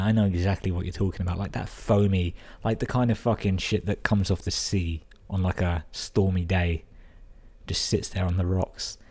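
A low-pitched man with a dark tone hosts a podcast, reading listener emails aloud. He breaks in with crude, sweary, amused asides.

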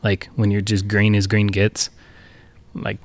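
A man's voice: on the low side, completely flat delivery, unhurried, no room sound. A man co-hosting a podcast, telling a workplace story in a loose, profane, chuckling way. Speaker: podcast co-host. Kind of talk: casual storytelling chat.

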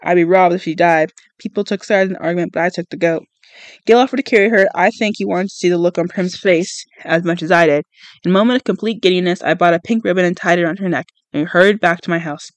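A podcast host reads a novel aloud in first person, stumbling and correcting along the way. The voice sits at a middle pitch and sounds close and dry, with no room around it. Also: quick pace, no echo. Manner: reads aloud with frequent slips and self-corrections. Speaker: podcast book reader.

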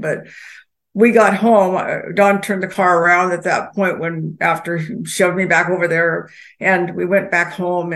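An older woman telling a personal story as a guest, halting, with many pauses and restarts. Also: lowish voice, gravelly, fairly bright tone.

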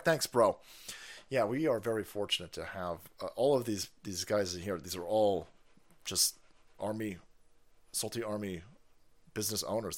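A man hosting a live stream, chatting casually and profanely, laughing often and reading viewer messages aloud. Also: lowish voice. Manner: animated, jumps into loud voices for stories. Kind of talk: casual rambling stream chat.

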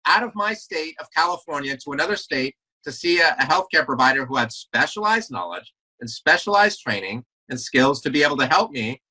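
Podcast guest: earnest man with a very bright, forceful, tense tone who often restarts his sentences. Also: fairly high pitch, sing-song, fairly quick, rough recording. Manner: earnest, repeats words as he restarts. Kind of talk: casual interview talk.

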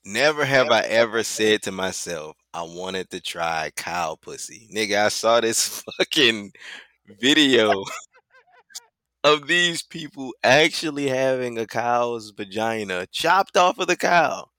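A man's voice: medium pitch, animated, a little slow, bright, forceful tone, no echo, studio quality. A man co-hosting a podcast, telling profane stories with a lot of laughter in casual chat. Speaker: podcast co-host.

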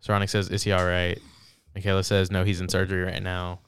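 A young man co-hosting a casual podcast, retelling a story and reading out text messages with halting restarts. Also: low voice, monotone, a bit bright, slight background noise. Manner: reads out texts, retells events with halting restarts. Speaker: podcast co-host. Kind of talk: casual chat.

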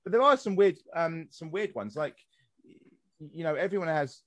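A man's voice: a little high, lively intonation, moderate pace, fairly bright tone, no room sound. A young English man hosting a casual podcast chat, rambling with lots of fillers and restarts. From England. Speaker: podcast host.

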